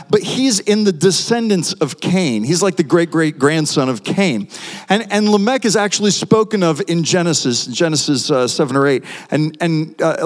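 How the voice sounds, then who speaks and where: An impassioned man delivers a sermon, his voice sitting a little high and swinging up and down as he drives home each point. A long reverb trails behind every phrase, the sound of a big hall. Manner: impassioned, with sweeping pitch swings. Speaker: guest preacher.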